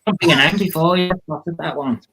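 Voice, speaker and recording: A man's voice: fairly high pitch, fairly quick, sharp tone, a little hiss or hum, low-quality recording. A man, hosting a casual chat, friendly and rambling with many ums. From Liverpool. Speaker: live stream host.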